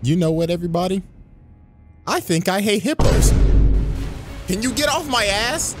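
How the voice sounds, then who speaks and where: A man's voice: high voice, animated, normal speed, over music. A young man commentating his own gameplay, cursing and screaming outbursts at the game as he plays. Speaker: gaming YouTuber.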